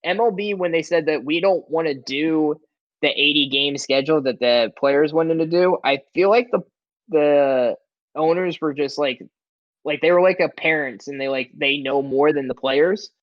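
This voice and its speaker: This man's voice is fairly high and moderately paced, captured on a muffled recording without room sound. Co-hosting a sports podcast, he wanders through his points casually with lots of "like"s and restarts.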